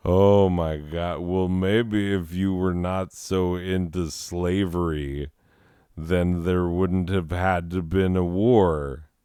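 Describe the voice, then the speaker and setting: A man's voice: low-pitched, steady tone, takes it slowly, dark tone, smooth, no echo, clean studio sound. A man hosting a comedy show, sarcastically mocking a listener letter and laughing at his own jokes. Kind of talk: comedic riffing monologue.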